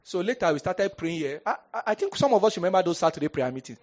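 A male pastor with a Nigerian accent preaching a storytelling sermon. He is animated and humorous, slips into pidgin and bursts out loudly at times. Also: high voice, quick pace, highs cut off. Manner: animated, humorous, breaks into pidgin, sudden loud outbursts.

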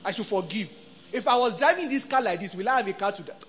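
A man's voice: sits high, fast, faint music behind. A middle-aged man with a Nigerian accent, preaching a sermon and leading call-and-response with his congregation. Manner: animated, call-and-response preaching, acts out quoted voices. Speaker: pastor.

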